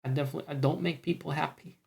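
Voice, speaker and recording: A man's voice: fairly high pitch, steady tone, very fast, vocal fry, darkish tone. A man with a Scottish accent chatting casually on a live stream, rambling, swearing freely and joking at his own expense. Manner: rambling, sweary, self-mocking.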